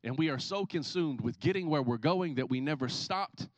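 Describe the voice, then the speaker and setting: Man, pastor, sermon, lively storyteller, fairly high voice, dry close mic. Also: normal speed, no room sound. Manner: animated storytelling, acts out scenes. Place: church.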